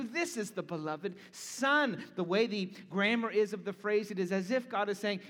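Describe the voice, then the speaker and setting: A man with a high-pitched voice delivers an earnest sermon, now and then falling to a hushed near-whisper for emphasis. His words ring out with a long reverb, as in a large church sanctuary. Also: unhurried, few pauses. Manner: earnest preaching, drops to hushed tones for emphasis. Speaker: pastor.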